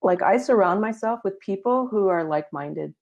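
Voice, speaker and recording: A woman's voice: medium pitch, lively intonation, normal speed, gravelly. A woman guest on a spiritual talk show, speaking in an earnest, reflective way. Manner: earnest, reflective, laughs lightly. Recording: dull lo-fi audio.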